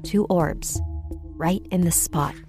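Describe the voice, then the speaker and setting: A woman narrates a scripted recap with measured composure. Her voice sits notably low. Music plays clearly beneath her.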